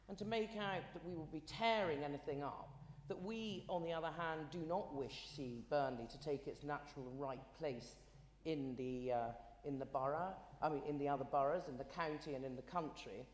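A man's voice: fairly high pitch, moderate pace. A man, a councillor delivering an indignant, formal rebuttal in a council debate. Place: large council chamber. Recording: echoey chamber with long reverb.

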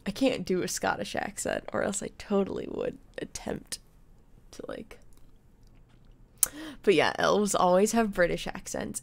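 A woman's voice: mid-range voice, very animated, measured pace, vocal fry, pauses often. A young woman streaming a video game, chatting in a rambling way and laughing often. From United States. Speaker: gaming streamer. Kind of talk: casual let's play commentary.

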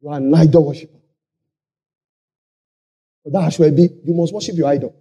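A man with a Nigerian accent preaching a sermon, shouting key lines and lapsing into a sing-song cadence. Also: fairly high pitch, fairly even intonation, brisk, husky. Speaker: pastor. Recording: live conference hall.

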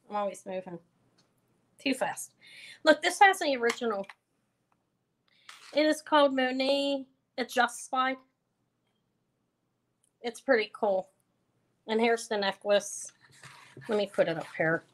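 A woman's voice: on the high side, fairly bright tone. Woman running a live jewelry auction, rambly and chatty, lots of ums. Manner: chatty and rambling, with fillers and self-corrections. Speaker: online jewelry auction host. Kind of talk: casual live-stream selling chat.

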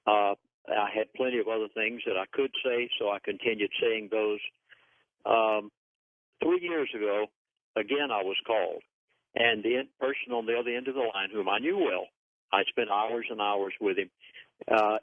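A man's voice: on the low side, dry recording. A man guest on a call-in radio show, speaking in an earnest, grave and emphatic way over a phone line. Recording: dry, tinny phone line.

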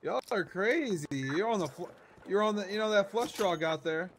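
A man reacting loudly and swearing while playing cards with others in a game. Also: sits high, animated, background noise. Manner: loud, swears, quick reactions. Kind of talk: casual gaming chat.

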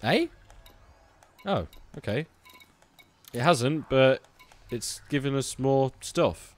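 A man's voice: mid-range voice, expressive, slow. A man chatting and joking casually while streaming a space game live, swearing now and then. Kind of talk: live gameplay commentary. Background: game music.

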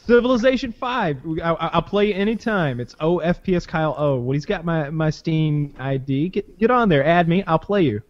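A man's voice: a little high, brisk, few pauses, muffled recording. A man co-hosting a podcast, brash and joking in casual banter. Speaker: podcast co-host.

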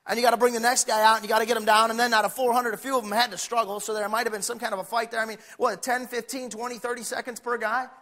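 A middle-aged male pastor preaching a folksy sermon that swings from quiet asides to shouted points. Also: extremely high pitch, little pitch movement, very fast, few pauses.

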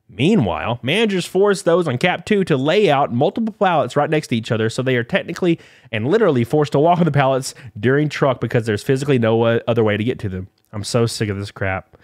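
A man's voice: on the high side, dry recording, studio quality. A man streamer reads workplace complaints aloud and rants bluntly about them, swearing casually. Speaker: streamer commentator. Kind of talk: reading posts aloud and ranting.

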